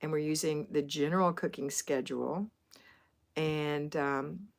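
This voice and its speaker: A woman's voice: low-pitched, steady tone, a little slow, creaky. A middle-aged woman from Florida hosting a homemaking livestream, chatting casually and rambling as she answers viewers' comments. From Florida, USA.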